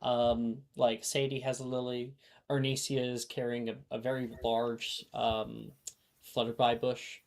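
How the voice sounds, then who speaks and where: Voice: mid-range voice, level tone, unhurried, a little mellow. A game master narrating a tabletop game casually, with fillers and laughs.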